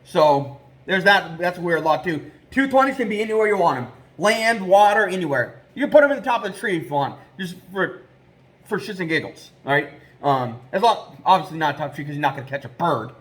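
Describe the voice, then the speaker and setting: A man with a fairly high voice chats loosely to his viewers. He rambles, fills gaps with ums and gets easily worked up. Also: brisk. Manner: rambling and excitable, with many fillers. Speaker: trapping vlogger. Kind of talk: casual vlog talk.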